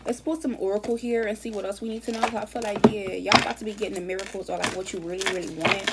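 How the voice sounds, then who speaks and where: A woman gives a rambling, casual tarot reading, repeating phrases and slipping into slang. She talks quickly, the words tumbling out. A clear layer of noise sits behind her voice. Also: medium pitch, fairly even intonation. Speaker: tarot reader.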